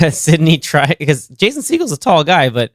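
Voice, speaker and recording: A man co-hosting a casual movie podcast, excited and laughing often while he acts out lines from the film. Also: fairly high pitch, normal speed, no echo, clean studio sound. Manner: animated, laughing, acts out quotes. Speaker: podcast co-host.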